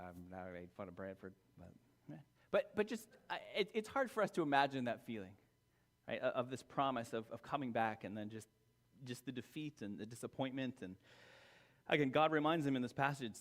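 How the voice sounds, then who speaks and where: Pastor guy rambling through a laid-back sermon, jokes and asides, big echoey church hall. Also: medium pitch. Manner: chatty, self-deprecating, full of asides and restarts. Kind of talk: casual sermon. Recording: long hall reverb.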